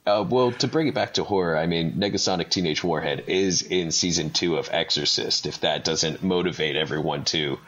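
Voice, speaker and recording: A man's voice: low voice, normal speed, hardly any pauses, fairly bright tone, dull audio. A man co-hosting a podcast, chatting casually and laughing as he retells movie scenes. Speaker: podcast co-host. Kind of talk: casual chat.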